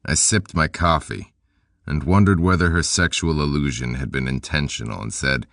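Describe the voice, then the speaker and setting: A man narrating a first-person audiobook in a deadpan, dry, low-key manner. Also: moderate pace, no room sound.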